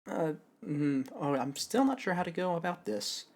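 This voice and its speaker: A man's voice: on the high side, lively intonation, normal speed, a little mellow. A young man streaming a game live, musing to himself and correcting himself as he works out character voices. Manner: musing, self-correcting, thinking aloud.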